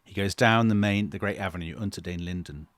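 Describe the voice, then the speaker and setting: A middle-aged man with a very low voice co-hosts a history podcast, recounting events with dramatic flair. He slips into the voices of the people he quotes, and the recording is dry and close to the mic. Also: fairly quick, dry recording. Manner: dramatic retelling with acted quotes. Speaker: podcast co-host. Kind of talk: animated historical storytelling.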